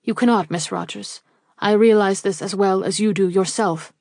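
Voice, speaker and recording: Woman voicing a grave, restrained gentleman. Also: mid-range voice, vocal fry, no echo, studio quality, natural voice. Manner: measured, formal.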